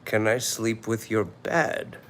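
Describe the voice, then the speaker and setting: A man hosting a casual livestream, rambling and hesitant with many fillers, often trailing off quietly. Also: lowish voice, slow, slight background noise. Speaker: livestream host.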